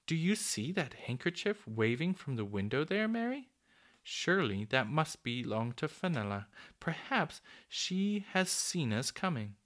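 A man's voice: on the high side, very animated, measured pace, a bit bright, pitched above the performer's own voice. A man voicing an anxious, curious young boy in a storybook read-aloud, asking worried questions. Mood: eager.

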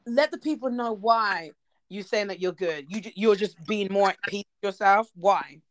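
A woman with a mid-range voice hosts a podcast at a moderate pace, recorded dry with studio quality. Her casual chat is animated and teasing toward her guests, with lots of swearing.

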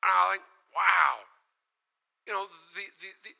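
A man preaching a sermon, telling a story with lively acted-out quotes and frequent laughter. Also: sits high, measured pace, vocal fry, low-quality recording. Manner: animated storyteller, acts out quoted voices and laughs often.

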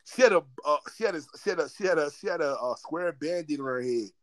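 A man telling a funny story from his school days in a loose, animated way, repeating himself and laughing. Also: on the high side, fast, no echo. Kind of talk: casual storytelling.

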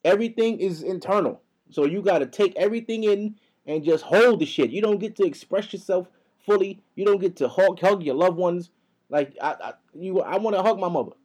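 Heated, profane podcast host. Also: male voice, high voice, a little mellow. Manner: profane, heated, fast-talking. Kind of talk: casual ranting monologue.

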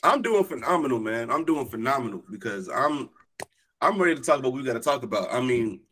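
A man's voice: medium pitch, big pitch swings, fast talker, sharp tone, breathy edge. A young man hosting a casual sports podcast, hyped and joking, drawling his sing-song intro. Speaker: podcast host.

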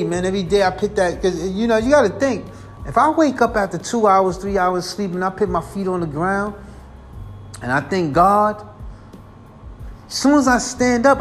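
A man hosting a podcast, talking in a casual, rambling monologue. He sounds earnest and weary, repeats himself, and keeps calling the listener "man". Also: high voice. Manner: earnest, repetitive, peppers lines with "man". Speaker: podcast host.

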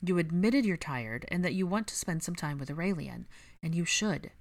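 A woman reading the part of a calm, protective young father in a storybook reading. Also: fairly low pitch, moderate pace. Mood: gentle.

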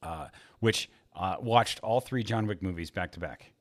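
Man, casual chat, somewhat low voice, rambling, lots of fillers, laughs often. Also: moderate pace, a bit bright. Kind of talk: casual chat about movies.

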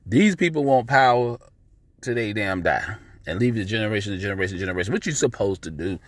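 A man's voice: on the low side, fast, no room sound. Blunt, profane man ranting, dry sound. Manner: blunt, profane, animated, repeats himself. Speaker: podcast host. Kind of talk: casual ranting monologue.

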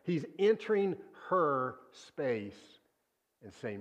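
A man preaching a sermon, earnest and deliberate, often sinking to a hushed low voice on key words. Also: lively intonation.

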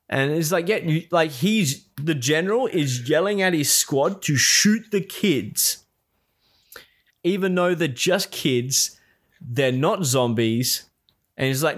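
A man in casual chat, retelling a series with lively put-on quotes and frequent swearing. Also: on the high side, a little slow. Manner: animated, acts out characters' lines, swears freely.

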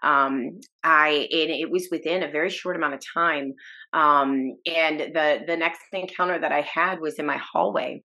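A woman with a slightly low voice shares her personal faith story as a podcast guest. She speaks earnestly and emotionally, often restarting her sentences and breaking into small laughs. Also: steady tone, normal speed, bright, forceful tone. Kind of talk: personal testimony in a podcast interview.

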